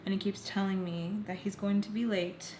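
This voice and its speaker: A woman's voice: mid-range voice, flat delivery, moderate pace, mellow. A woman telling a storytime on her vlog, emphatic and candid, swearing bluntly as she recounts events. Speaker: vlogger. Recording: roomy echo, faint background noise.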